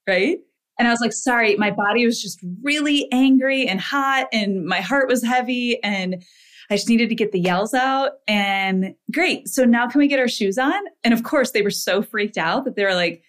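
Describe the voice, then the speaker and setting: A woman's voice: medium pitch, normal speed. A woman guest on a podcast, a mother and wellness coach, telling candid stories with laughter and filler words. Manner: candid, laughing storyteller with many "like"s. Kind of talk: casual interview chat.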